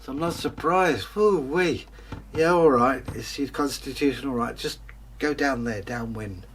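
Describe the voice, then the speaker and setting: A man voicing a rude, mocking male castle guard with a loud, sneering, high voice. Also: measured pace, slight background noise, lightly acted.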